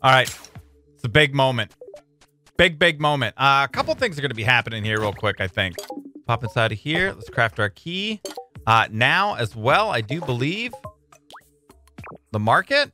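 A man giving casual let's-play commentary on his own video, excitable, swinging between mumbling and loud outbursts. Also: mid-range voice, normal speed, faint music behind. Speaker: gaming YouTuber.

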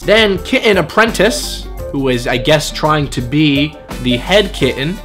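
A man's voice: fairly high pitch, animated, unhurried, few pauses, fairly bright tone, faint music behind. A man vlogging and reading comments aloud in a sarcastic, exasperated way. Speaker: YouTube vlogger.

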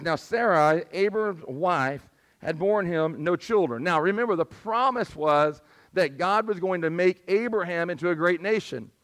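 Male pastor, high voice, squeaky and strained, conversational sermon delivery. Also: a bit bright. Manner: conversational preaching, asks the congregation for responses. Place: church sanctuary.

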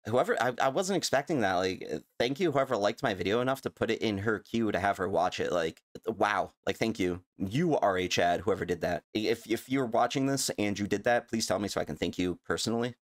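A man's voice: on the low side, lively intonation, a little fast, few pauses, no echo, studio quality. A young man vlogging his reaction in a rambling, stuttering way, laughing at himself. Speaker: YouTuber reacting to a clip. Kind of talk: casual reaction vlog.

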